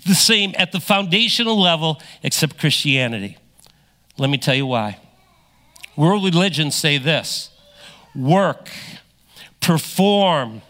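Middle-aged guy preaching, high bright voice, punches words then goes quiet. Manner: emphatic preaching, swinging from loud to hushed. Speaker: pastor. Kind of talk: sermon.

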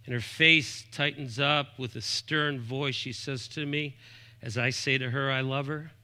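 A man in his fifties preaching a sermon as pastor, emphatic, moving between raised points and soft asides, quoting scripture references. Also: mid-range voice, fairly even intonation, measured pace. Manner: often quotes scripture references aloud.

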